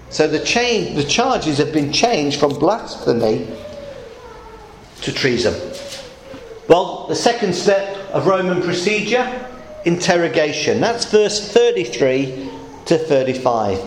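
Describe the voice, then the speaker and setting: A man preaching a sermon, explaining scripture step by step with emphatic, animated delivery. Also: a little high, slow pace, long pauses, reverberant, slight background noise, rough recording.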